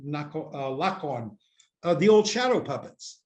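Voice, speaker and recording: Very animated and moving at a moderate clip, an older American interview guest wanders through long stories on a relaxed video call. He's self-deprecating and peppers his talk with "you know." A laptop's built-in mic records his slightly higher-than-average male voice.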